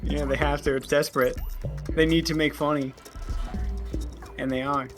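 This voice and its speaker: A man's voice: fairly high pitch, little pitch movement, normal speed, soft background music. A man joking and teasing in casual banter while friends play a game on stream.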